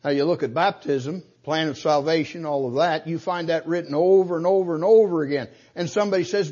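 Older husky man preaching with emphatic questions. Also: fairly high pitch, fairly quick, hardly any pauses, muffled recording. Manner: emphatic, rhetorical questions, rising to loud stresses. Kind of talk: sermon.

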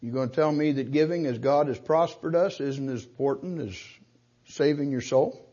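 A man's voice: mid-range voice, normal speed, highs cut off. An older man preaching a sermon, pressing his point with rhetorical questions and punching key words. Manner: emphatic, rhetorical questions, rising to loud stresses.

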